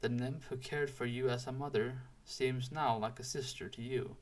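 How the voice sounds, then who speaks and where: A man voicing a wise, calm master woodsman who speaks with a gentle, measured teaching tone. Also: medium pitch, natural voice. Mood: gently instructive.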